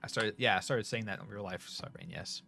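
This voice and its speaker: A middle-aged streamer with a Northern US accent chats casually to viewers, rambling with plenty of fillers and restarts. His voice is lowish and creaky, a little fast, with faint music playing behind.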